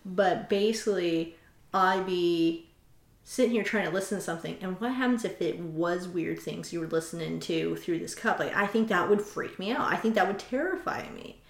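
A podcast co-host with a lowish voice talks at a moderate pace in a casual, chatty way. She tells stories punctuated by laughter and quoted asides, and the room gives noticeable echo.

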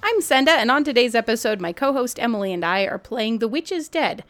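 A woman running a tabletop game as host, narrating the scene in a chatty way and laughing often. Her voice sits high and swoops widely up and down. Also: expressive, fairly quick, fairly bright tone. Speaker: podcast host and game master.

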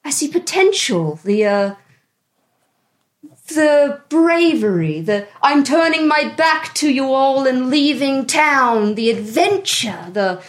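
A woman's voice: sits high, very animated, slow pace, full character voice. A woman voicing a snooty, witchy fortune-telling writer who looks down on others, talking in a haughty, theatrical way. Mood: pompous.

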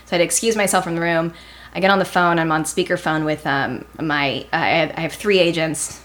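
A woman's voice: low-pitched, a little fast. A young woman, a TV writer, chatting in an interview and acting out the people in her stories. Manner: animated, acts out quotes in a raised voice. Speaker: TV writer guest. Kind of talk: casual interview storytelling.

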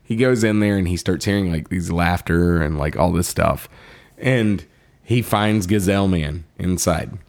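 Laughing man retelling a story, low voice. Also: a little mellow. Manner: laughs often and acts out characters' lines in quick quoted voices. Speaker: podcast co-host. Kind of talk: casual chat retelling a story.

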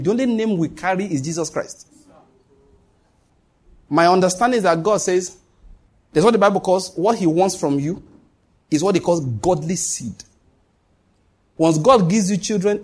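A man's voice: sits high, normal speed, pauses often, slightly rough. A man preaching a sermon as pastor, emphatic, repeating his points and swinging his voice up and down.

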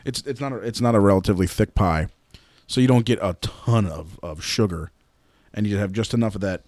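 Low-voiced man, halting casual talk. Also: darkish tone, no echo. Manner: halting, searching for words. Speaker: podcast co-host. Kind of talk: casual chat. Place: indoor room.

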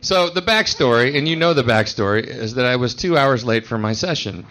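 Male voice actor, panel guest, self-deprecating and rambling, average pitch. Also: lively intonation, fairly quick, a bit bright. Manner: self-mocking, rambling storyteller. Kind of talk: joking panel banter. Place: convention hall panel.

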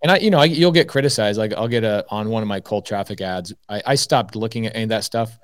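A man's voice: on the low side, fast, no echo, clean studio sound. A man on a debate panel talking casually, acting out the things he says himself. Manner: animated, storytelling, quotes himself. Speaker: guest panelist.

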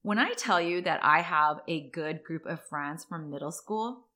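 A woman in her forties tells rambling personal stories in casual conversation. Her voice sits a little low but sounds bright and forward, and she leaps higher when something excites her. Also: normal speed. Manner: chatty, rambling, with tangents.

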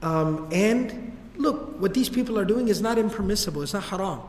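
A man voicing a calm male leader who reasons gently but firmly with an old friend. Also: high voice, normal speed, echoey room, in a large hall. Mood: calm, reasoning. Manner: soothing, reasoning, gently firm.

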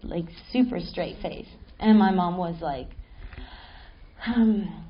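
Animated woman telling a spooky story. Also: on the low side, slow pace, muffled recording. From Mexico City. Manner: animated, laughing, swears casually. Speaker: panel guest. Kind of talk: live panel storytelling. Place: stage at a film festival panel.

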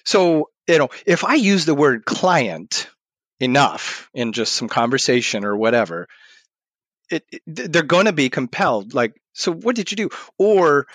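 A man's voice: medium pitch, measured pace, no room sound, clean studio sound. A man talking as a guest in an interview, animatedly telling stories and acting out what he said back then. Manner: animated storyteller, acts out his own past words. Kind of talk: storytelling in a podcast interview.

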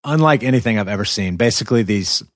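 A man's voice: fairly low pitch, animated, fast talker, no room sound, clean studio sound. A man with an American Southern accent who hosts a podcast and explains things with enthusiasm in a casual chat. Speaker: podcast host.

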